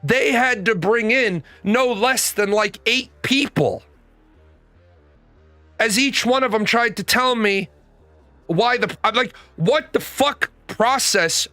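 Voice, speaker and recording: A man's voice: very high voice, takes it slowly, pauses often, sharp tone, no room sound, soft background music. A young man telling a personal story as a rant, swearing and exasperated. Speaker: host.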